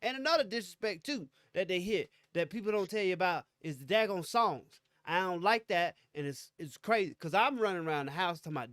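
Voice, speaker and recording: A young adult man with a fairly high voice chats casually as a podcast co-host, slangy and animated, jumping into quoted voices as he tells his stories. The sound is close and dry, with no room around it. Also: moderate pace, no room sound. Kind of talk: casual chat.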